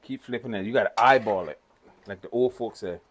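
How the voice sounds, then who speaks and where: A man's voice: lowish voice, a little fast, slight background noise. A middle-aged man, casually teaching how to cook in a folksy, laid-back way. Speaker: home cook, father. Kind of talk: casual cooking instruction.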